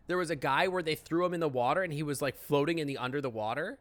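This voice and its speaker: A man's voice: fairly high pitch, quick pace, hardly any pauses. A man streaming a game live, chatting, laughing often and reacting on the fly. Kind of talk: live gameplay commentary.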